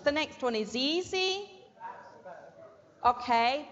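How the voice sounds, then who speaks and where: A woman teaching an English vocabulary and pronunciation lesson, slowly stressing syllables and checking in with "okay?". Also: on the high side, big pitch swings. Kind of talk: classroom language lesson. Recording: muffled with long hall reverb.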